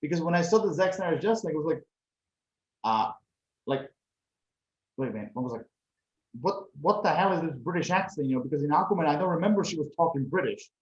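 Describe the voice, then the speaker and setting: Fast and animated, this slightly high, a little mellow male voice belongs to a Croatian podcast co-host reviewing movies in a loose, rambling chat, broken by long pauses and filled with phrases like "you know." The room echoes, and the sound is dull and lo-fi.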